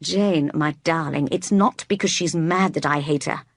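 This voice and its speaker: An impassioned, brooding gentleman, master of a great house, read by a woman narrator. He pleads and presses hard in an audiobook reading, pitched slightly low. The sound is dry and close, with no room around it. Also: moderate pace, no echo. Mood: urgent. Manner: pleading and impassioned, sometimes forceful.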